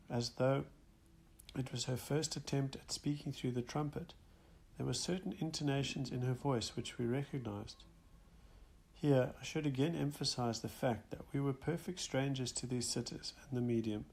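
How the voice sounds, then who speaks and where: A man reads a first-person account aloud in a steady, measured way. His voice has a gravelly, creaky texture at a middle pitch. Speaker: audiobook narrator. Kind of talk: first-person nonfiction audiobook reading.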